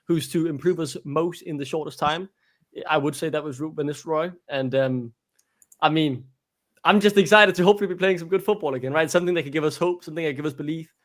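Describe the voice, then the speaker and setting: A man's voice: fairly high pitch, fast talker, a bit bright. A man co-hosting a fan podcast, talking with passion about his team's defenders and repeating points emphatically. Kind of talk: casual football fan chat.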